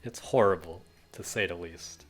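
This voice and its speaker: A gentle, kind young woman, read by a man in a low, quiet voice. She speaks softly and calmly, with a mild teasing edge. Faint music runs underneath. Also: normal speed, husky.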